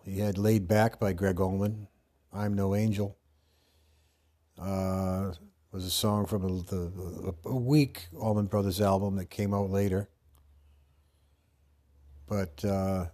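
A man's voice: fairly low pitch, warm tone. An American man hosting a podcast in casual, rambling talk full of fillers and restarts. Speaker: podcast host.

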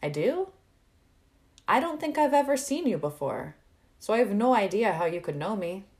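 A woman voicing a poised, quick-witted young male college student who teases and gets a little defensive, in a read-aloud story. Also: mid-range voice, sing-song, darkish tone, voice pushed up. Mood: playful.

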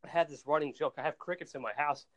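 Excitable, high-voiced male podcast host. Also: quick pace. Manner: excitable, animated storyteller; stumbles and repeats words. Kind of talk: casual chat.

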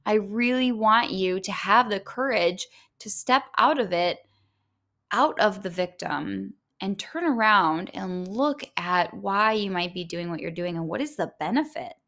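A woman coach giving a self-help talk, gentle and earnest, speaking straight to the listener. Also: mid-range voice, expressive, measured pace.

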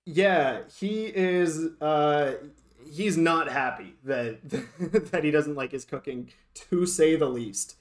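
A man's voice: on the high side, slow pace. Wry man co-hosting a podcast. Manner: relaxed, wry commentary with fillers and quoted lines. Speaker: podcast co-host. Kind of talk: casual film recap chat.

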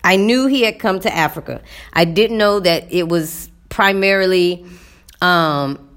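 Chatty woman with a lowish voice. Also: a little slow, a bit bright. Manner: rambling, talks straight to viewers, frequent fillers. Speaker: vlogger. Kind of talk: casual chatty recounting.

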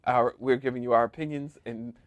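A man's voice: mid-range voice, steady tone, brisk, no room sound. A man co-hosting a casual podcast, joking around and laughing often as he talks. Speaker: podcast co-host. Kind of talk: casual chat.

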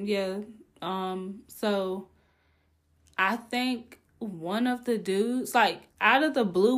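A young woman hosting a podcast, telling a candid, exclaiming storytime with plenty of swearing. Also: mid-range voice. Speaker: podcast host. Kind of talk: casual storytime monologue.

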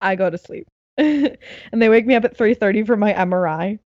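A young woman telling a story in casual chat, animated and laughing, acting out what others said. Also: medium pitch, fairly quick, no echo, muffled recording. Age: young adult.

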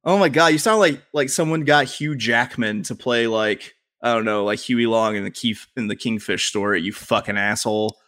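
A man with a Southern drawl hosts a sports chat, his voice bright and forceful. He rants hard, swears freely and gets animated, jumping up in pitch when worked up. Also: normal speed, hardly any pauses. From Southern US (Louisiana). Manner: profane, animated ranting. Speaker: podcast host.

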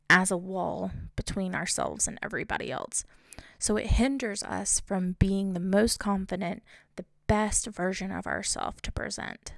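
A young woman speaks in a relaxed, reflective monologue about her own life, tossing out rhetorical questions as she goes. Her voice has a gravelly, fry-tinged texture at a middle pitch, and the recording is close and dry. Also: no room sound. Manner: conversational, asks rhetorical questions.

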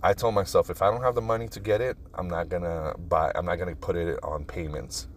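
Deep-voiced man rambling on a podcast. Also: fairly even intonation, brisk, slight background noise. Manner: rambling, profane, brainstorming aloud. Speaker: podcast host. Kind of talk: casual solo podcast chat. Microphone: phone.

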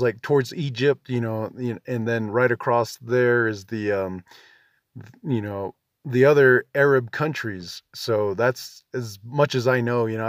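A man's voice: medium pitch, no room sound. Laid-back rambling man with a dry sound. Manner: rambling, frequent "you know" and "um" fillers; laid-back, self-deprecating. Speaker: veteran podcast host. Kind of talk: casual monologue.

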